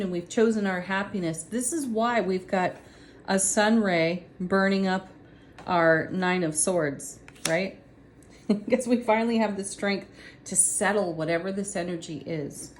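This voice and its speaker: A woman's voice: medium pitch, a little hiss or hum. Chatty woman giving a tarot reading. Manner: chatty and upbeat, laughs often, talks to viewers directly. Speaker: tarot reader. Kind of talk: casual tarot card reading.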